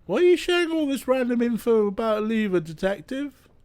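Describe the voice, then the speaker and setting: A man's voice: extremely high pitch, very animated, brisk, a little mellow, clear, resonant tone, voice pushed up. A man voicing a friendly, well-meaning male police officer who speaks in a chummy, reassuring way.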